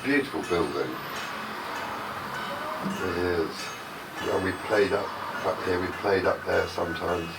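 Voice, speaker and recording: A man's voice: sits low, measured pace, vocal fry, pauses often, over loud music. An older Englishman, a musician, telling rambling, chatty anecdotes in a documentary interview. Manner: chatty, rambling storyteller who laughs easily. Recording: noisy ambient documentary recording.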